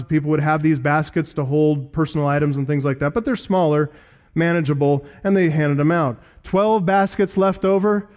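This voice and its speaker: A male pastor delivers an expository sermon, reading scripture verses aloud and explaining them. His voice sits a little high for a man. He leans on key words with earnest emphasis. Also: a little mellow.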